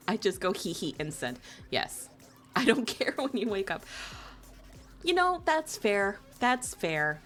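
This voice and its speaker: A woman from New Jersey chatting casually with viewers on a live stream, playful and teasing, laughing often and swooping high in pitch when excited. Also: slow pace, long pauses, faint music behind.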